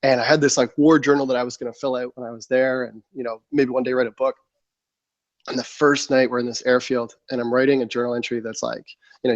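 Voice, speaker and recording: On a slightly muffled, dry studio mic, a man in his thirties talks fairly quickly in a mid-range voice. He's a former soldier guesting on a podcast, casually telling a long story, animatedly voicing his own quotes and using lots of fillers.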